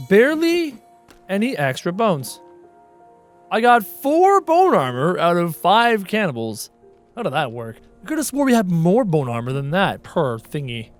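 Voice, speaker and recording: A man's voice: on the high side, clear, resonant tone. A man giving casual, playful let's-play commentary, chatty and full of puns, laughing at his own jokes. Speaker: gaming video host.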